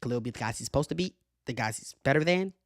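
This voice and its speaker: A man hosting a casual sports commentary show, animated and profane, laughing often as he makes his case. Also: medium pitch, quick pace, no echo, studio quality. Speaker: show host.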